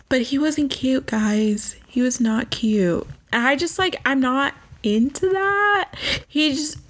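Young american woman, podcast host, casual chat, bright voice, lively swinging pitch, swears a lot. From United States. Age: 20s. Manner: chatty and animated, swearing and joking.

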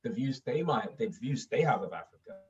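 A man from Sweden chatting casually in an animated way, often repeating himself and laughing through his stories. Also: medium pitch, normal speed, soft background music. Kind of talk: casual conversation. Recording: distant, dull lo-fi mic.

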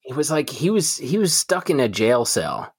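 A man co-hosting a comedy podcast, casual and teasing in quick back-and-forth banter. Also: medium pitch, sing-song, husky. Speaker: podcast co-host.

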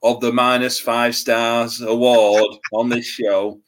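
A man's voice: mid-range voice, slow pace. A man, co-hosting a casual podcast, telling stories with frequent laughter. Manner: laughs often, animated storytelling. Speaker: podcast co-host. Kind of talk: casual chat.

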